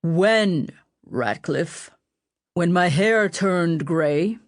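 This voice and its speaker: A woman's voice: lowish voice, drawn-out words, dry recording, clean studio sound. Audiobook reader as a wrathful king, commanding and cutting.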